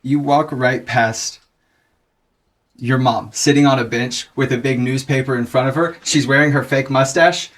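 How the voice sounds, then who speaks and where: A man narrating a scene as game master in a playful, animated way. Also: mid-range voice, normal speed.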